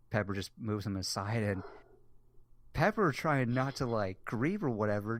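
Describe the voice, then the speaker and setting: A man hosting a casual podcast chat, rambling excitedly with lots of fillers and swearing. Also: on the low side. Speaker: podcast host.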